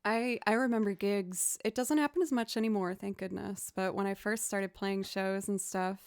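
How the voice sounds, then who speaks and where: A woman's voice: medium pitch, steady tone, moderate pace, no room sound, studio quality. A young woman chatting casually on a live stream, self-deprecating and encouraging as she talks viewers through her practice. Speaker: musician streamer.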